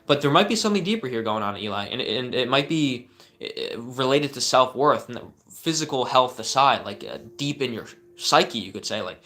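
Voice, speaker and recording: A man's voice: medium pitch, animated, normal speed, fairly bright tone. A young man hosting a live stream, answering viewer questions with earnest coaching advice and frequent fillers and restarts.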